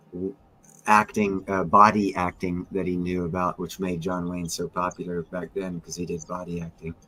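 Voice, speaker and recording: A man's voice: low-pitched, sharp tone, slight background noise, low-quality recording. A man chatting casually with friends about old movies, joking and restarting his sentences. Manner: joking, enthusiastic, restarts often. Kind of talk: casual chat.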